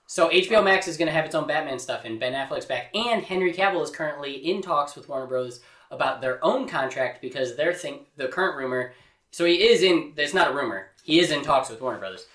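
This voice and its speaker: A man's voice: a little high, fairly quick, echoey room. A man hosting a casual movie podcast, rambling and cutting himself off with asides that trail into mumbles. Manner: rambling, self-interrupting, swinging from animated to mumbled asides. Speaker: podcast host.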